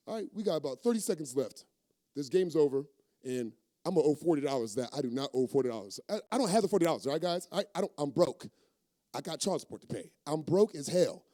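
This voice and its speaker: A man delivering a stand-up set with lively, swooping intonation and a slightly higher voice. His tone is dark and mellow, and the recording is dry and close. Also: fast talker, no room sound. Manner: animated, acts out characters with big pitch jumps. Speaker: stand-up comedian. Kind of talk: stand-up comedy. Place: comedy stage in a venue.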